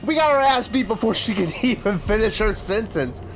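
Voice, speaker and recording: A man commentating his own gameplay, excitable and profane, trash-talking the game, yelping and shouting at sudden scares, sometimes laughing as he talks. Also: high-pitched, moderate pace, slight background noise. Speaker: gaming channel host.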